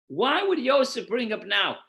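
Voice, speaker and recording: A man's voice: extremely high pitch, very animated, unhurried, vocal fry, pushed and bright. A man, a rabbi, teaching a Torah class, posing rhetorical questions and then answering them while guiding listeners through numbered source texts. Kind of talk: explanatory lecture.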